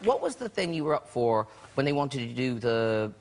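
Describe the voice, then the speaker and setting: A man's voice: medium pitch, sing-song, fairly quick, some chatter behind. An Irish man hosting a talk show, asking guests playful, teasing questions. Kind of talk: chat show banter.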